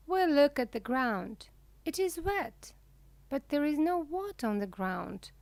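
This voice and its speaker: A woman reads a children's story in a slow, careful way for beginner learners. Her voice is fairly high and swings widely in pitch. The sound is close and dry. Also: no echo. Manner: clear, deliberate reading with lively pitch. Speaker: reader.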